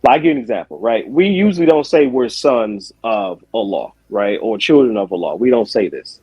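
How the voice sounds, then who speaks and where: A man taking part in a casual spoken debate over a video call, talking in loose asides and quick self-corrections. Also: on the low side, expressive, warm tone, slightly rough, dry recording, poor audio. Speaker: Muslim guest in a debate.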